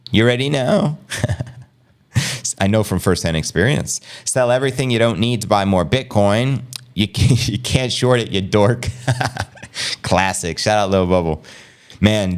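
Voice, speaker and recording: A man's voice: lowish voice, measured pace, clear, resonant tone. A man hosting a casual crypto livestream, joking in slang and answering his chat.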